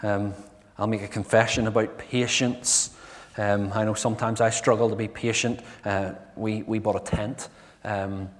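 A man's voice: fairly low pitch, flat delivery, moderate pace. A man preaching a sermon in a conversational, earnest way in a church. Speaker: pastor. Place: church sanctuary. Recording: long reverb from a church hall.

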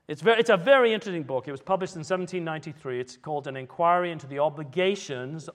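A man with a high voice preaches a sermon, telling history in a loose, conversational way with digressions and self-corrections. A long reverb hangs behind him as in a large hall.

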